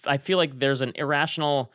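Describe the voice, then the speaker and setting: A man's voice: mid-range voice, brisk, dry recording, clean studio sound. Chatty male podcast co-host. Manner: animated, chatty storytelling. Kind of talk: casual chat.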